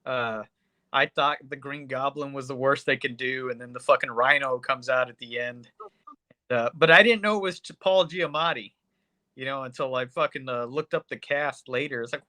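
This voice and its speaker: A man co-hosting a podcast, reviewing a movie in a casual, excitable, profane way with lots of fillers. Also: mid-range voice, normal speed, dry recording. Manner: excitable, swears a lot, trails off with fillers. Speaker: podcast co-host.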